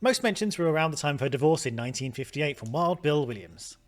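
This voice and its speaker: A man's voice: a little high, expressive, quick pace. A man hosting a let's play, puzzling aloud over a detective game and often trailing off mid-sentence. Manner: thinking aloud, trailing off and restarting. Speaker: gaming video host.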